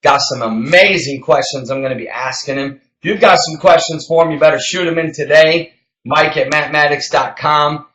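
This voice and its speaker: Fired up health coach guy, high bright voice, kinda shouty, echoey room. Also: normal speed. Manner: passionate, emphatic, gets loud and shouty. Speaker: health coach and show host. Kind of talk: energetic podcast talk.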